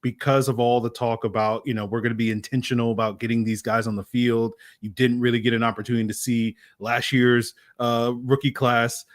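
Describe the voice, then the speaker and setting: A man co-hosting a sports talk podcast, who talks in a measured, thoughtful way with some fillers. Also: mid-range voice, flat delivery, dry recording, clean studio sound. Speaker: podcast co-host.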